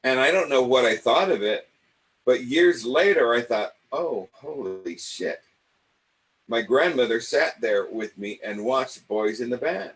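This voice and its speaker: An older man, an acting coach, tells stories from his own life with an animated, theatrical delivery. His voice sits at an ordinary middle pitch. He slips into the voices of the people he remembers as he goes. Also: moderate pace, poor audio. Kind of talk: personal storytelling.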